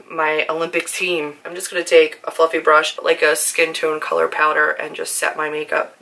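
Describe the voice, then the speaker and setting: A young woman with a hoarse, worn-out voice, chatting casually to camera about her makeup, nervous and full of "like" fillers. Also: fairly low pitch, sharp tone. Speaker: book and beauty vlogger.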